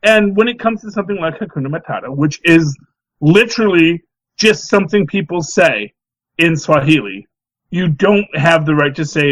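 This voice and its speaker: Middle-aged guy on a podcast, kinda high voice, rambly and animated, dry close sound. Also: normal speed, dry recording, low-quality recording. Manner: rambling, animated, many restarts. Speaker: podcast co-host. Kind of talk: casual chat.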